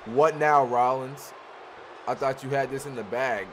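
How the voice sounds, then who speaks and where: A man's voice: mid-range voice, unhurried, natural voice. A man voicing a cocky young male pro wrestler who taunts his opponent with brash trash talk, over a noisy recording.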